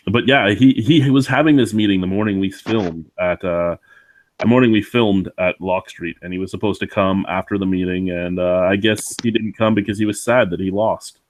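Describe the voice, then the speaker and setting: A man's voice: low-pitched, normal speed. A man hosting a casual beer podcast, rambling with many fillers. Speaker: podcast host.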